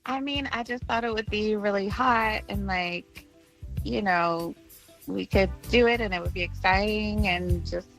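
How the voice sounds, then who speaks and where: A woman calling in to a radio show, hesitant and halting. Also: medium pitch, fairly bright tone, faint music behind, low-quality recording. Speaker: caller. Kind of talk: radio call-in chat.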